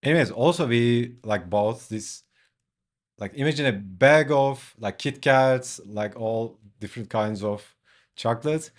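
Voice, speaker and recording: Slow, laid-back man telling a story. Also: medium pitch. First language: not English. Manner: laid-back, leans on "like", swears, laughs often. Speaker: artist streaming while drawing a comic. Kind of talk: casual storytelling.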